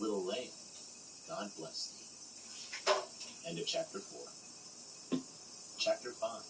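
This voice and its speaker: Guy slowly reading poems for an audiobook, roomy echo, lots of background noise. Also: mid-range voice, distant mic. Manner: measured, unhurried recitation. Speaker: audiobook reader. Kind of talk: slow poetry reading.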